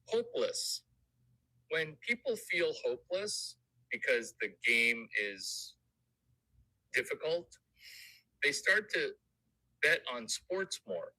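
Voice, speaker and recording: A man's voice: fairly high pitch, pushed and bright, no room sound, low-quality recording. A man hosting a casual livestream monologue, punchy, jokey and lecturing, with frequent repetition. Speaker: show host.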